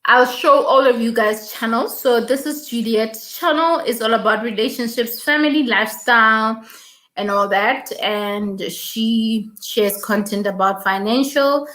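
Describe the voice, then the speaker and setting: A woman hosts a casual live stream, taking her time over each word in a slightly high voice. She chats along, repeats her thanks and reads viewer comments aloud. The sound is roomy and echoey, picked up by a mic at some distance. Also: unhurried, fairly bright tone. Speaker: YouTube live stream host.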